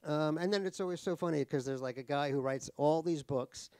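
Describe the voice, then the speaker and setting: Middle-aged American author, gravelly, somewhat high voice, dry close sound, wry self-mocking humor. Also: male voice, a little fast, a little mellow, no echo. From New York, USA. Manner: wry and joking, self-mocking, many restarts. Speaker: author and guest speaker. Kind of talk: casual conversation on stage. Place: cultural center event hall.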